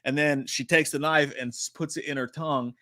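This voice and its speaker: A man hosting a live stream, chatting casually and profanely about horror trailers with a joking, animated manner. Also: fairly high pitch, brisk, dry recording, studio quality.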